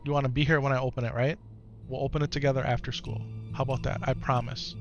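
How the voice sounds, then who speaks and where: A man streaming live who talks softly and coaxingly with his young son, then reads and answers his chat in casual talk. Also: mid-range voice, flat delivery, fast, lo-fi sound. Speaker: streamer and father. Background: game music.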